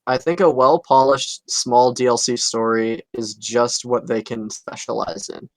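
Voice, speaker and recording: Male podcast co-host, easygoing chat, frequent laughs, average pitch. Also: fairly even intonation, measured pace, no room sound, poor audio. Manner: laughs often, trails off and restarts. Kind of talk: casual chat.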